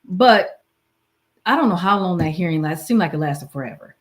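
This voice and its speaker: A woman's voice: on the low side, expressive, brisk. A woman casually telling a personal story, earnest and candid, often trailing off and restarting. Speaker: guest sharing her story.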